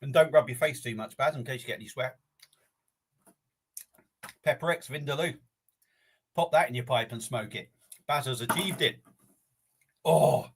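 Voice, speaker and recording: A man's voice: medium pitch, normal speed, long pauses, slightly rough. An older man, chatting casually on a live eating stream, breathless and rambling with his mouth burning from chilli, sweating and sniffling. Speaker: livestream host.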